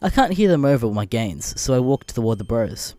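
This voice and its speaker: A man narrating comedic internet stories with crude, deadpan asides, a little under the weather. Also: mid-range voice, brisk, no echo. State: a bit sick.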